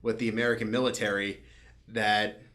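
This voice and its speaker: A man's voice: lowish voice, level tone, a little fast, fairly bright tone. A man co-hosting a podcast in casual chat, summarizing a film in a laid-back way with frequent laughter. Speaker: podcast co-host.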